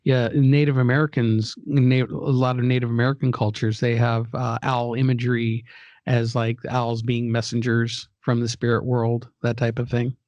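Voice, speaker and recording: A male podcast guest speaks in a relaxed, hesitant way, with plenty of fillers along the way. His voice comes through a dull, dry, lo-fi line. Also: mid-range voice, normal speed, no room sound. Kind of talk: casual conversation.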